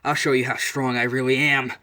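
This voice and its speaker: A man's voice: mid-range voice, level tone, a little fast, pushed and bright, close to an everyday voice. A man voicing a cocky young demon who jokes sarcastically. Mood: smug. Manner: smug and sarcastic.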